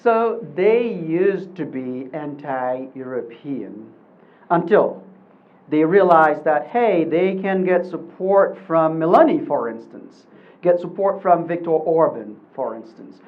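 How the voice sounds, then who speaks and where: A panelist answering a question in a measured way, trailing off quietly at the ends of phrases. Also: mid-range voice, narrow, tinny audio. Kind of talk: panel discussion.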